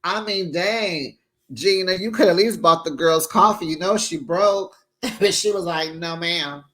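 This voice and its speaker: A reality TV recap host giving casual, sassy commentary, chatty and quick to laugh. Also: mid-range voice, fairly bright tone. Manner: chatty and sassy, with frequent laughs and acted-out quotes.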